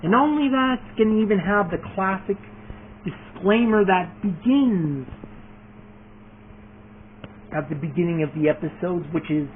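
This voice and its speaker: Eager high-voiced man on tinny audio. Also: moderate pace. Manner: rambling, many fillers and restarts; eager, keeps adding more points. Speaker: video creator announcing his fan series. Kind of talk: casual vlog monologue. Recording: tinny phone-like sound, faint noise.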